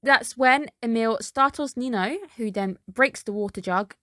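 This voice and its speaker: A woman's voice: a little high, measured pace, pushed and bright, dry recording, clean studio sound. A woman reviewing an anime episode in a casual recap, chatty and dropping skeptical asides.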